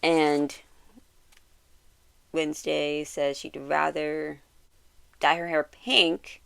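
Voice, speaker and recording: A woman giving a casual, rambling recap of a TV series, full of "like" fillers and quick self-corrections. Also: deep voice, vocal fry, clear, resonant tone, no echo. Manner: quotes characters with animated bursts and laughs. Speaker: YouTuber reviewing a TV series. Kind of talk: casual episode recap and commentary.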